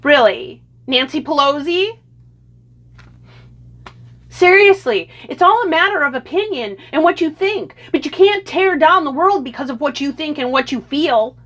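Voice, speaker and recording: A woman with a high voice lectures in an indignant rant, full of sarcasm. She talks straight at her audience like a political commentator. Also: expressive, moderate pace, hardly any pauses, a bit bright. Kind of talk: opinion rant to camera.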